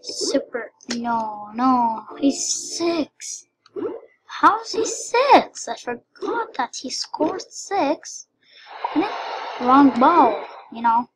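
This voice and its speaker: Woman, high voice, slow delivery; casual game commentary, excitable, whispered asides and squeals. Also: background noise. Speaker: gameplay commentator.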